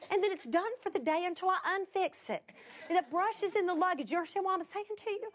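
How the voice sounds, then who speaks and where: Woman preacher, high voice, animated storytelling, loud exclaims to soft whispers. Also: fast talker. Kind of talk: sermon storytelling.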